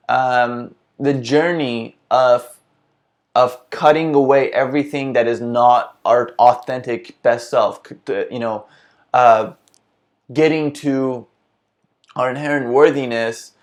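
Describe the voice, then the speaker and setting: Man, vlog host, casual self-help talk, earnest, reflective, restarts sentences, average pitch. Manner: earnest, reflective, thinks aloud with many restarts.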